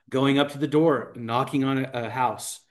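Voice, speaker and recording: A man's voice: mid-range voice, steady tone, unhurried. A man leading a Bible study group, telling anecdotes in casual talk and acting out what people said. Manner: storytelling, acts out anecdotes.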